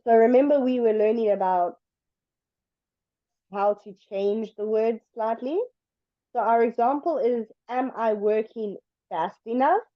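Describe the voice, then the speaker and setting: A woman whose voice is a little high teaches an online English lesson at a slow, deliberate pace, patiently stretching words to demonstrate them. The recording is muffled and lacks any room sound.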